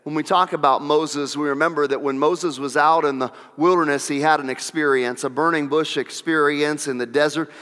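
A man's voice: a little high, steady tone, normal speed, few pauses, fairly bright tone. A pastor preaching a sermon, a man who presses his points with repeated phrases and rhetorical questions. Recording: long reverb of a large hall.

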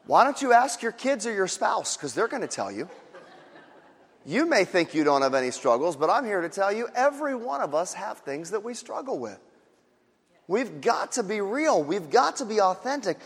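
A man preaching a sermon as pastor, emphatic and repetitive, rising to shouts and dropping low. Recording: hall reverb.

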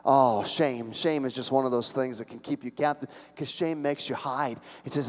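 A pastor preaching a sermon, telling the story dramatically and swinging between loud and hushed. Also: male voice, mid-range voice, steady tone, moderate pace, few pauses, long reverb tail.

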